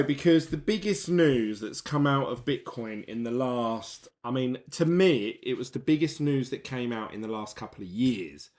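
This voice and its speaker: A man talking casually to camera, chatty and excitable, telling a story and laughing at it. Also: medium pitch, a little slow. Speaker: crypto YouTuber.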